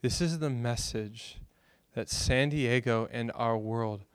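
Man, pastor, sermon, lively storytelling, dry close sound. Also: medium pitch, takes it slowly, clean tone, dry recording. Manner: animated storytelling, bursts of loud excitement.

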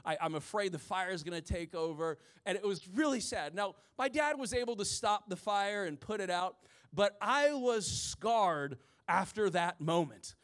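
A man's voice: sits high, animated, moderate pace, fairly bright tone. A man in his forties, a pastor preaching a sermon to his congregation, telling stories with humorous asides. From rural Midwest of the US. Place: church before a congregation.

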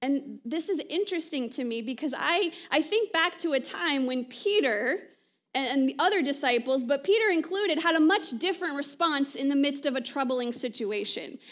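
High-voiced woman preaching conversationally. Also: lively intonation, moderate pace. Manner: conversational preaching, frequent "right?" asides. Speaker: pastor. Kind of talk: sermon.

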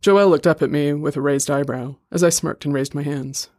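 A man reading a short story aloud in a steady, measured way. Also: a little high, no echo, clean studio sound. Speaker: story reader. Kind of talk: scripted narration.

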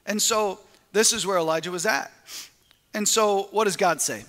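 A man preaching as lead pastor in a church sanctuary, tossing rhetorical questions to his congregation. His voice sits high and comes through bright and forceful. A long reverb trails his words through the hall. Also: normal speed. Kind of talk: sermon.

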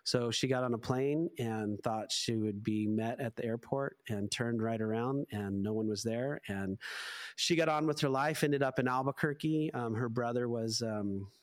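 A middle-aged man, a pastor, telling stories as a podcast guest in an animated, chatty way full of casual fillers. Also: medium pitch, moderate pace. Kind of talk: casual storytelling.

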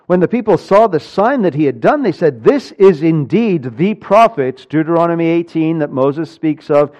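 A man preaching a verse-by-verse sermon. He asks rising emphatic questions and then drops low and quiet. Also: muffled recording. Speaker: pastor.

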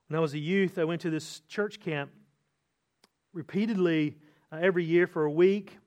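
A middle-aged man preaching a sermon as a pastor, earnest, slowing down and lifting his voice on key words. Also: high voice. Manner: earnest preaching, slows and lifts voice for emphasis.

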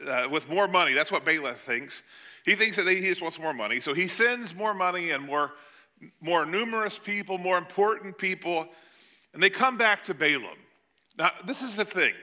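An older male preacher with a very bright, forceful tone, telling a scripture story like a chat with his congregation. His pitch swings widely as he slips into joking asides, and his voice sits a little higher than most men's. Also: lively intonation, moderate pace. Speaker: pastor. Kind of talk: sermon.

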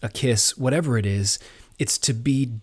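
A man preaching a sermon in an earnest, measured teaching manner, pausing on fillers and restarting phrases. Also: mid-range voice, a little mellow, breathy edge. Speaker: pastor.

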